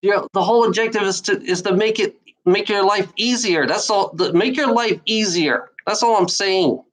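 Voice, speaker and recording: A woman's voice: medium pitch, normal speed, rough recording. A woman in her forties talking in a casual monologue, rambling and repeating herself, swearing a lot, sounding bitter and worn out. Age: 40s. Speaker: vlogger giving life advice.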